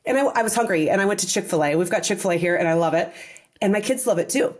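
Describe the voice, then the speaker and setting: A woman's voice: medium pitch, very fast. A woman in her forties, a podcast guest telling stories in casual interview chat, acting out bits of dialogue. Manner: animated storyteller, acts out quoted dialogue, frequent restarts. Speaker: podcast guest, wellness teacher.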